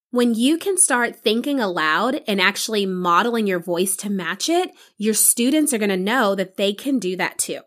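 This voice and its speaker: Casting: woman, podcast host and teacher, clear explanatory delivery with a slightly high voice, brief acted asides. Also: a bit bright. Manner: modeling think-aloud examples with varied voice. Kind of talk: educational podcast talk.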